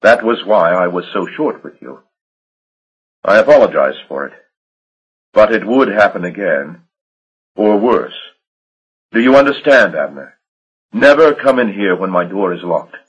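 A man doing a cold, commanding, menacing gentleman. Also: sits low, big pitch swings, unhurried, pauses often, husky, dull audio, exaggerated voice. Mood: stern formal. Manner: clipped, formal, controlled menace.

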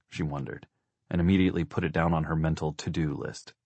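A man reading a novel aloud as an audiobook narrator, in a measured, wry storytelling manner. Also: rumbling low, fairly even intonation, creaky, a little mellow, no room sound. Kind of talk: scripted narration.

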